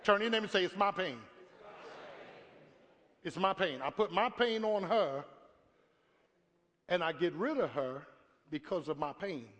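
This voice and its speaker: High-voiced preacher in a reverberant church. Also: male voice, normal speed, long pauses, highs cut off. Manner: storytelling preacher, shouting at climaxes, talks to the congregation. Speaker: pastor. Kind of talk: sermon. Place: church hall before a congregation. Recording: live church recording with long reverb.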